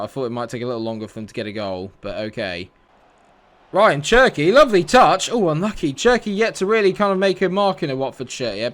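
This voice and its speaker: A man commentating his own football video game as he plays, swinging from loud excited outbursts to muttered low asides. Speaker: gaming YouTuber.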